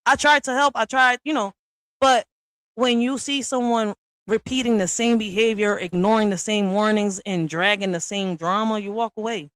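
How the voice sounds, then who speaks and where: A woman's voice: medium pitch, fairly even intonation, normal speed, a bit bright, no echo. Woman going off on a stream, blunt and cussing, dry close mic. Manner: blunt, profane, confrontational. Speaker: livestream host. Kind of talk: ranting monologue to viewers.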